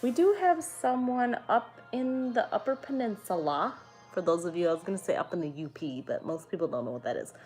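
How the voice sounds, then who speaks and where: A woman's voice: mid-range voice, expressive, a little fast, a little mellow, soft background music. A young woman streaming from home, chatting casually with her viewers, swearing freely and answering their comments. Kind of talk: casual chat.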